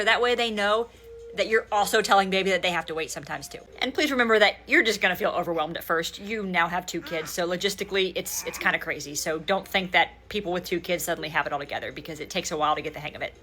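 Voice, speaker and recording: A woman's voice: lowish voice, quick pace, pushed and bright, slight background noise. A young adult woman, a mother, giving practical parenting tips to camera in a casual, direct way. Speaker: parenting content creator.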